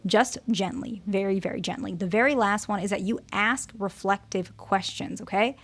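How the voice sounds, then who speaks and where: A woman's voice: medium pitch, normal speed. A woman therapist talking through relationship advice in an earnest way, using everyday examples and repeating words for emphasis. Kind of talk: advice talk to camera.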